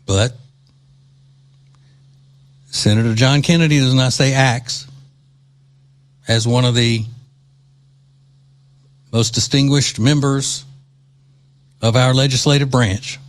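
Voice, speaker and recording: A man's voice: mid-range voice, steady tone, takes it slowly, long pauses. A man from Louisiana hosting a political talk show, delivering mocking, indignant commentary.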